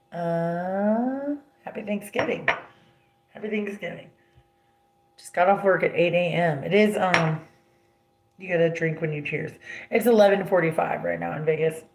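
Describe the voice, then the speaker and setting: A young woman hosts a casual livestream, bluntly telling family stories with heavy swearing and lots of "like" fillers. Her voice is on the low side, the space sounds roomy and there's slight background noise.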